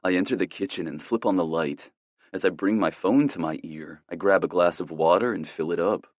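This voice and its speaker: A man giving a calm, tender first-person narration of a romance audiobook. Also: low-pitched, a little fast, dry recording, lo-fi sound.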